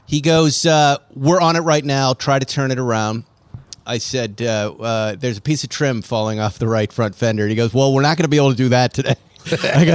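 Animated man telling a car story. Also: mid-range voice, normal speed, no room sound. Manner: animated storyteller acting out quoted voices. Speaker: podcast co-host. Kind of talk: casual chat, storytelling.

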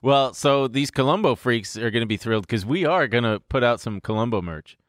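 A man's voice: medium pitch, fairly quick, no room sound, clean studio sound. A man co-hosting a podcast in loose, joking chat, laughing often and swearing freely. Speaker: podcast co-host. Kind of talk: casual comedic chat.

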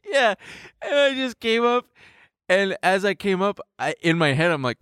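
A man's voice: high voice, normal speed, clean tone, dry recording, studio quality. A man in his thirties, co-hosting a podcast, telling a story in casual chat and acting out the voices in it. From United States. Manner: animated, acts out voices in his stories, laughs often. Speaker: podcast co-host.

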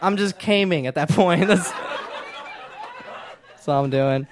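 A young man performing stand-up in a comedy club, animated, laughing at his own jokes and acting out voices. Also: on the high side, unhurried. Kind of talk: stand-up set.

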